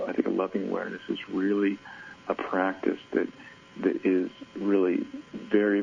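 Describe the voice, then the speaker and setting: A man giving a reflective talk on self-compassion, soft-spoken and halting, with many fillers and restarts. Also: low voice, vocal fry. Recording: dull lo-fi audio with faint hum.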